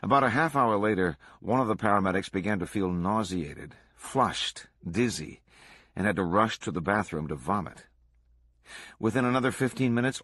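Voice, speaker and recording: A man reading a true crime book aloud to a book club in a steady, measured way. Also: fairly low pitch, slightly rough, no room sound.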